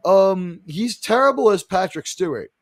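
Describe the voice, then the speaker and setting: A man's voice: high-pitched, animated, moderate pace, no room sound, clean studio sound. A man hosting a casual streamed panel talk show, rambling and joking with frequent laughs. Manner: rambling, jokey, laughs often.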